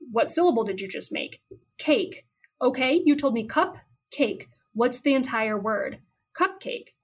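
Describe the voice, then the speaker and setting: A woman speech-language pathologist explaining therapy steps on a teaching podcast, acting out prompts to a child as she goes. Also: a little high.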